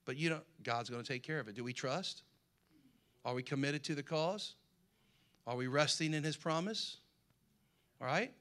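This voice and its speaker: Bright-voiced preacher man. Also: a little high, normal speed, long pauses. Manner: reads scripture aloud with rising emphasis, folksy asides and jokes. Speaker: pastor. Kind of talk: sermon.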